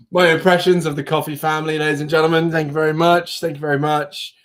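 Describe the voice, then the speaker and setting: A man's voice: fairly high pitch, little pitch movement, brisk. A man hosting a live stream, chatting casually in a giggly, rambling way. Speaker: livestream host. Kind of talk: casual chat.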